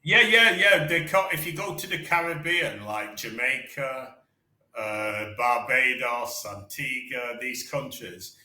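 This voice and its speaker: A man from England with a Manchester accent, teaching English in a relaxed online lesson, chatty and repeating words to model pronunciation. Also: medium pitch, takes it slowly, roomy sound.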